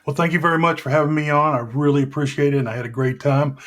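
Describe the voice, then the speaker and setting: A man's voice: a little high, fairly even intonation, fast, a bit bright. A man guest on a movie podcast, chatting casually and often restarting his sentences. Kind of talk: casual interview chat.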